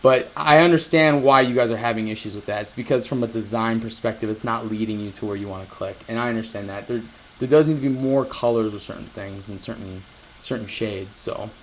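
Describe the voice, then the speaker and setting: A man's voice: on the low side, fairly quick. A man chatting casually to viewers on a live stream, rambling and swearing now and then. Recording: roomy echo, faint noise.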